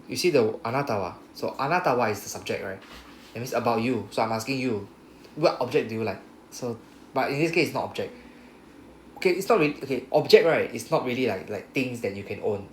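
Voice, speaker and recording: Man teaching in a roomy classroom. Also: medium pitch. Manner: patient, repetitive, checks understanding with "right?". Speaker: Japanese language teacher. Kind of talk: classroom grammar explanation. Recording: roomy classroom echo, faint hum.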